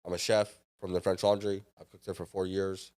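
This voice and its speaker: A man's voice: deep voice, flat delivery, brisk, a little mellow. A man in his thirties, a podcast guest, telling a story casually and acting out the dialogue.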